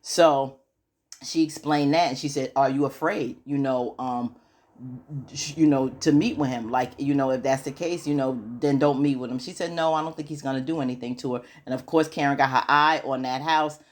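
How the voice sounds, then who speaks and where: A woman with a low voice hosts a casual recap of a TV drama episode. She talks in an animated way and voices the characters' lines as she retells each scene. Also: moderate pace. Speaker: TV show recap host.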